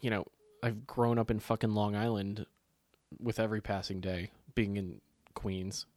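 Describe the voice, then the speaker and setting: A man's voice: on the low side, flat delivery, normal speed, darkish tone, dry recording, studio quality. A man co-hosting a podcast, riffing in a rambling, profane, jokey casual chat. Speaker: podcast co-host.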